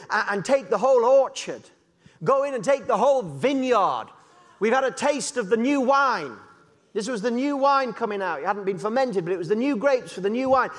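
A man preaching an impassioned sermon that builds to shouting. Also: sits high. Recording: echoey hall reverb.

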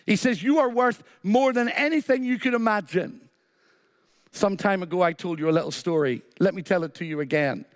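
At a normal speed, a high-voiced man preaches, leaning on emphatic, repeated phrases and folding in a brief story. The recording is studio quality but carries a long hall reverb.

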